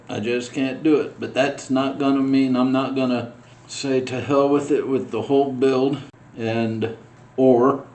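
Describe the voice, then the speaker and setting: A man's voice: medium pitch, mellow, roomy sound. A man building a scale model on a casual vlog, muttering to himself in frustration as he works.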